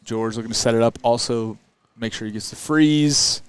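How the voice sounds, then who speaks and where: Relaxed man calling darts play-by-play. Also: mid-range voice, moderate pace, clear, resonant tone, dry recording. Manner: relaxed, joking, calls the throws. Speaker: darts stream commentator. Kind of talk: play-by-play and banter.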